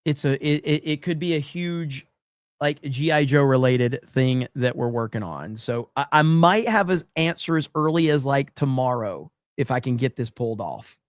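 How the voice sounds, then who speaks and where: A man's voice: medium pitch, lively intonation, moderate pace, no room sound, clean studio sound. A man hosting a live-streamed talk show, reading chat messages aloud in a blunt, profane, sarcastic way and often restarting his sentences. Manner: sarcastic mock-earnest delivery, blunt and profane; frequent restarts and stammering. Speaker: livestream podcast host.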